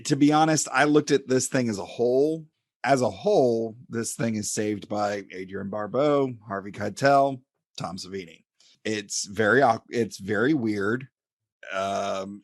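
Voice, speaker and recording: A man's voice: lowish voice, no room sound, clean studio sound. A man co-hosting a film podcast, giving his views hesitantly with ums and repeats. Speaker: podcast co-host. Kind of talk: casual film discussion.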